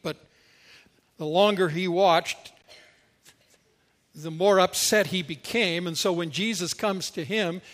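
A man's voice: fairly high pitch, fairly bright tone, in a large hall. A male pastor preaching a sermon, telling the story expressively with strong emphasis.

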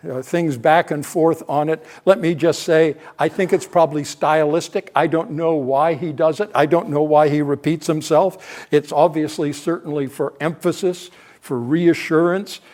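Older guy preaching through scripture, slightly high voice, restarts and corrects himself a lot. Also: fairly even intonation, normal speed, darkish tone. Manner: thinking aloud, frequent restarts and self-corrections. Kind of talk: expository Bible teaching.

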